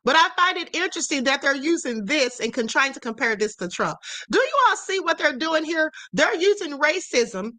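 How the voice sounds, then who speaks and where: A woman's voice: high-pitched, sing-song, moderate pace, pushed and bright, no room sound. A woman hosting a political commentary livestream, talking emphatically to her viewers in a string of rhetorical questions. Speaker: livestream host.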